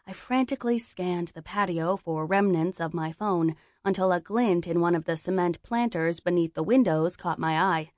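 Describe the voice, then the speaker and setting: Woman reading an audiobook, low and dry. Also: moderate pace, few pauses, darkish tone, no echo. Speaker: narrator. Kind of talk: audiobook narration.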